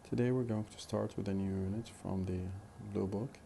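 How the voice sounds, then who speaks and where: A man teaching a phonetics lesson in a slow, deliberate way, repeating example questions. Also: fairly low pitch, steady tone, vocal fry, mellow, slight background noise. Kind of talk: recorded lecture.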